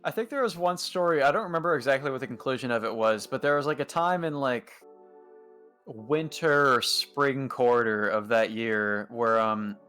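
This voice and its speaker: A man's voice: mid-range voice, moderate pace, bright, forceful tone, smooth, soft background music. A young man in his twenties, a streamer chatting casually and rambling through anecdotes with many fillers. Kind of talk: casual chat.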